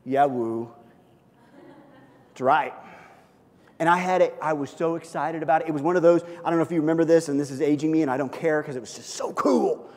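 Animated preacher in a reverberant hall. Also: male voice, a little high, fairly quick, long pauses. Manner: storytelling, animated, jokes with the congregation. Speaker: pastor. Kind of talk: sermon. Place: church hall. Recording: long hall reverb, faint room noise.

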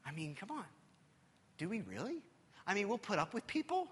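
A man preaching a sermon as pastor in a church hall. He is emphatic and swings between loud and hushed, repeating words as he gathers his thoughts. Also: high-pitched, sing-song, a little fast, slight background noise.

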